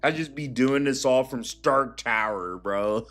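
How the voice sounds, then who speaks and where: Bright-voiced, profane streamer man. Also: medium pitch, slow, faint music behind. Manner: profane, rambling, emphatic. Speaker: streamer commentator. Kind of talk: casual commentary rant.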